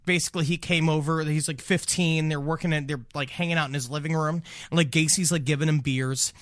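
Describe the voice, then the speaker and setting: A man co-hosting a podcast, animated storyteller who acts out voices in casual comedic chat. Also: a little high, brisk, no echo, studio quality. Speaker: podcast co-host.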